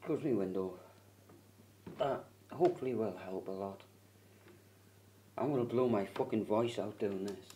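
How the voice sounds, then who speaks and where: A man venting into his camera at home, swearing and shouting hard, with a lung problem straining his voice. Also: moderate pace, pauses often, far from the mic, slight background noise. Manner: low muttering, then furious screaming rant. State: lung problem, worried about losing voice. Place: bedroom at home, window closed. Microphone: camera in the room.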